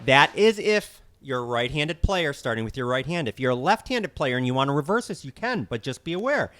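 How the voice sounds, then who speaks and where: A man's voice: medium pitch, a bit bright, no echo. A man teaching a drum lesson, counting beats aloud and explaining each step plainly. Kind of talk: instructional lesson.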